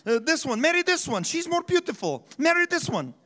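A preacher doing a pushy older father with a thick Middle Eastern accent, haggling in choppy, broken phrases. The voice rides high and sounds bright and sharp. It presses on like a salesman closing a deal. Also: sing-song, brisk, heavily acted. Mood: insistent. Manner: broken, insistent bargaining. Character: pushy older father offering his daughter.

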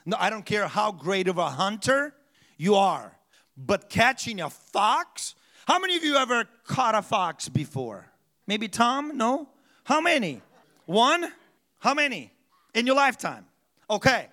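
A male pastor delivers a loose, conversational sermon, frequently pausing to quiz the congregation. His high voice sounds bright and forceful, with big pitch swings and a slightly slow pace.

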